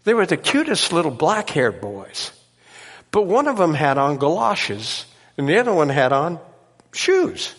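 A man preaching, telling a miracle story in an animated way and laughing at his own tale. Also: a little high, a little slow, big-room sound. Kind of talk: sermon testimony storytelling.

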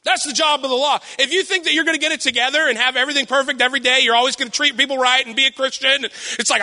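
Young guy preaching, loud and lively, pokes fun at himself, voice high and sharp. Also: very fast, hardly any pauses, long reverb tail. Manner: animated, self-deprecating, acts out quotes. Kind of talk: sermon with personal stories.

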